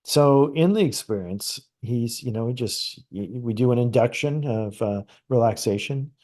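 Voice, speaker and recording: A middle-aged man from Canada tells a story in a relaxed, conversational way. His voice sits at a middle pitch. He restarts his sentences often as he recounts events, and his delivery is animated and lively. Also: normal speed. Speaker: guest psychic medium.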